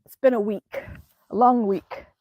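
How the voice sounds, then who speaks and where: A woman's voice: on the high side, fairly even intonation, measured pace, no room sound, highs cut off. A woman chatting casually on a live stream outdoors in winter, rambling with many ums as she reads the chat. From Alaska. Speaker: vlogger reading live chat. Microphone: phone camera.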